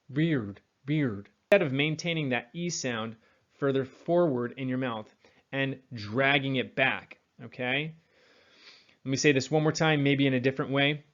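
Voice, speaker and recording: Man, accent coach, General American accent, mid-pitched voice, repeats sounds slowly, slightly lo-fi. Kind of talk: teaching pronunciation.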